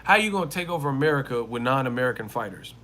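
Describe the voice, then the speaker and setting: A man's voice: mid-range voice, lively intonation, rapid-fire, sharp tone, faint music behind. Slangy, emphatic man ranting on a stream. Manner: slangy, emphatic, repeats himself. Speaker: boxing commentary channel host. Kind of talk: casual live-stream commentary.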